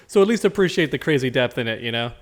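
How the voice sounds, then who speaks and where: A man's voice: mid-range voice, expressive, a little fast. A man co-hosting a casual podcast, joking and laid-back. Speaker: podcast co-host. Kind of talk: casual chat.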